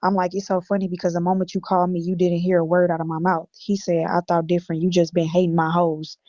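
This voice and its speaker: A woman guest from Illinois recounts her text messages on a stream, reading them out bluntly with lots of profanity. She speaks quickly with a lowish, dark voice that barely moves in pitch. The recording is dry and has dull lo-fi audio.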